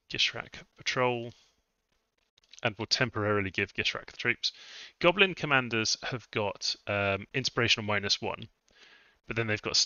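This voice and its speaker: A man's voice: on the low side, creaky, pushed and bright, clear, resonant tone, dry recording. A man thinking aloud as he live-streams a strategy game, musing over his moves. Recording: dull lo-fi dry mic sound.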